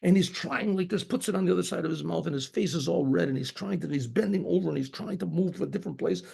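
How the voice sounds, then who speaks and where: A man's voice: high voice, quick pace, vocal fry, dark tone, breathy edge. A man, a rabbi, telling a story in a rambling, conversational way and acting out the sounds in it. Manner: rambling, conversational, acts out shofar blasts. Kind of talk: spoken storytelling.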